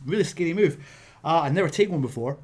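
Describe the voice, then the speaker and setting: Scottish man in his 30s, ex-wrestler host, lively yarn-spinner, voice sits a bit high. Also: quick pace, slightly rough. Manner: animated, laughing, punchy sound effects. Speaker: wrestler telling a story. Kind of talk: casual storytelling vlog.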